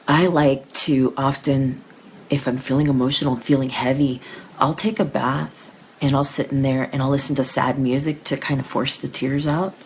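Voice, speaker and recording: A woman hosting a live psychic reading session, talking casually and emotionally to her viewers, tearful, with soft laughs and restarts. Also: extremely low pitch, fairly even intonation, normal speed, slight background noise.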